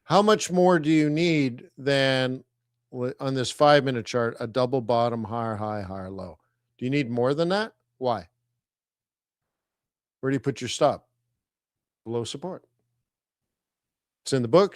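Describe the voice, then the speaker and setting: A middle-aged man hosting a live trading stream, talking to viewers in an energetic, teasing way as he walks them through charts. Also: mid-range voice, moderate pace, long pauses, clean tone, dry recording, studio quality. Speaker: forex trading host.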